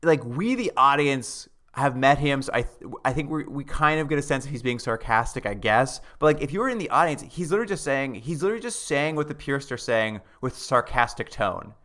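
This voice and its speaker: A man with a mid-pitched voice co-hosts a podcast. In casual chat he recaps a TV scene in a wry, dry tone. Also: lively intonation, brisk, few pauses, sharp tone. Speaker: podcast co-host. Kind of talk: casual chat about a TV show.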